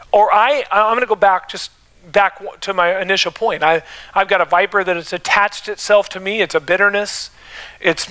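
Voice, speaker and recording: A man's voice: sits high, sharp tone, rough recording. A man pastor preaching a sermon in a church, calling out questions to the congregation and building emphasis. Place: church sanctuary.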